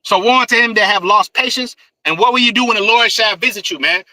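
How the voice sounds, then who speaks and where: A man with a high, very bright voice delivers a fiery street sermon. He mixes scripture with profanity and keeps repeating "man" for emphasis. The sound is close and dry. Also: quick pace, no room sound, rough recording. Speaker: street preacher.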